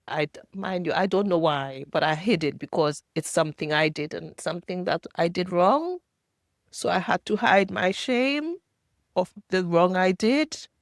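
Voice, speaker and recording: Older woman from Jamaica, personal testimony, halting and emotional, very slow delivery, dry close sound. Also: lowish voice, no echo. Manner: halting, emotional, pausing often. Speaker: survivor telling her life story.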